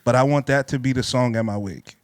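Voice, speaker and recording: A man's voice: medium pitch, fairly quick, no echo, clean studio sound. A man co-hosting a podcast in casual chat, jumping in with jokey interjections. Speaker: podcast co-host.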